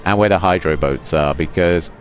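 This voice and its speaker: Low-voiced man rambling over gameplay. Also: normal speed, soft background music. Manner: chatty, explanatory, many fillers. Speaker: gaming YouTuber.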